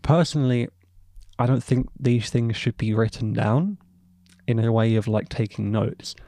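Unhurried and dark-toned, this young man's mid-range voice carries no room sound. A university student hosting a podcast, he goes solo in a meandering, opinion-heavy monologue full of tangents.

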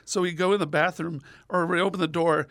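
Animated storytelling man, dry close sound. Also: fairly quick, no room sound. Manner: animated, acts out voices with big pitch jumps. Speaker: radio guest.

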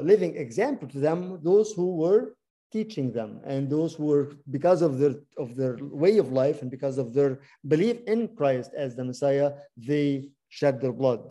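A man's voice: on the high side, warm tone. A man leading a Bible study, teaching interactively, often repeating words and asking the group questions.

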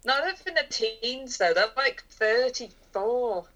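A woman's voice: a little high, animated, unhurried, fairly bright tone, lo-fi sound. Dry-witted woman chiming in briefly. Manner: short, dry interjections. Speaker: podcast co-host. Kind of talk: casual chat.

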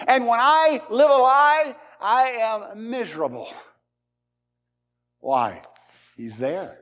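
A man preaching a sermon as a pastor, animated, swinging between loud emphasis and quiet, confiding asides. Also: extremely high pitch, slow pace, pauses often, long reverb tail.

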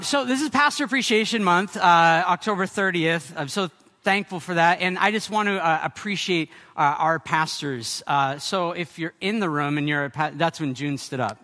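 A male pastor preaching a sermon to a church gathering, energetic and excitable, with quick restarts and playful asides. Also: high voice.

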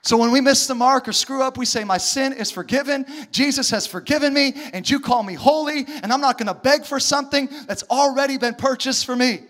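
A man preaches a sermon with a strikingly high-pitched voice. He is animated and acts out the voices of the people he quotes. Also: fairly quick, few pauses. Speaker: pastor.

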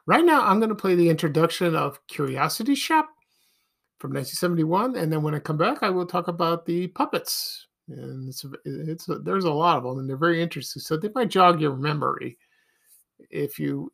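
A man hosting a casual solo podcast, talking in a hesitant, halting way and chuckling between points. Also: on the high side, lively intonation, gravelly, a bit bright. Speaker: podcast host.

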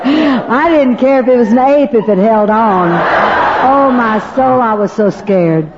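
A woman's voice: on the high side, measured pace, heavy background noise. Laughing woman telling stories. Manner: animated, laughing, acts out voices. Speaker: speaker at a women's gathering. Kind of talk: humorous storytelling talk to an audience. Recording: dull lo-fi recording.

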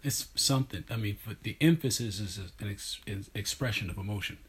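A man in casual chat, thoughtful and analytical, speaking in halting, searching phrases. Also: on the low side, breathy edge.

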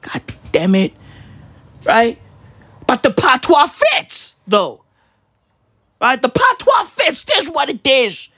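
A man ranting casually, rambling in heavy slang with mock patois words, swinging between loud outbursts and low mutters. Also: huge pitch swings, takes it slowly, pauses often, no room sound, clean studio sound. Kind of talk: casual profane rant.

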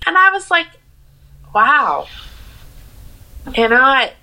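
A woman's voice: medium pitch, lively intonation, slow pace, bright, forceful tone, low-quality recording. A middle-aged woman co-hosting a podcast, talking in an earnest, reflective way with many fillers and restarts. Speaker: podcast co-host. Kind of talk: casual podcast conversation.

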